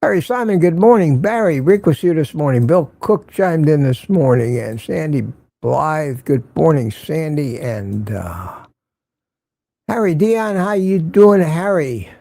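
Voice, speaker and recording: Chatty older man with a mellow, dry voice. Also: on the high side, animated, measured pace, gravelly, dry recording. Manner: chatty, greets viewers by name, laughs often. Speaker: host of a morning live stream. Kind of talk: casual live-stream chat greeting viewers.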